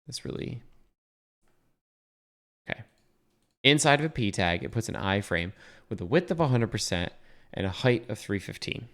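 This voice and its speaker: A man's voice: on the low side, expressive, fairly quick, a bit bright. A young man talking casually through a coding tutorial while sharing his screen, thinking aloud with fillers and self-corrections. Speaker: web developer teaching a coding tutorial.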